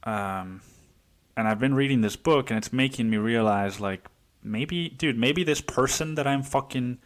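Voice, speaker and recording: A man's voice: medium pitch, unhurried. A man in his twenties hosting a casual solo podcast, rambling with heavy swearing and many restarts. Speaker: podcast host.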